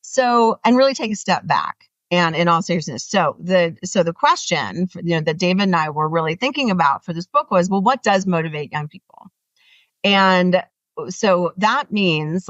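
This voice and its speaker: A woman guest explains her ideas with earnest energy, her voice lifting sharply when she drives a point home. Her voice sits on the low side. The recording is dry but distant and slightly muffled. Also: normal speed, no room sound. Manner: animated, earnest, rises in pitch when making a point. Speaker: author guest. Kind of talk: interview conversation.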